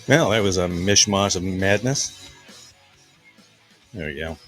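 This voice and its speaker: A man's voice: deep voice, slow, fairly bright tone, soft background music. A tired middle-aged man hosting a podcast, chatting in a rambling, easygoing way. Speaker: podcast host. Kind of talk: casual chat.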